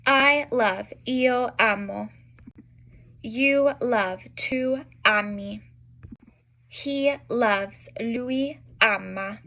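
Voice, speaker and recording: Bright-voiced woman teaching a language lesson. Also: fairly high pitch. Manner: slow, carefully spelled-out examples with frequent fillers. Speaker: Italian teacher.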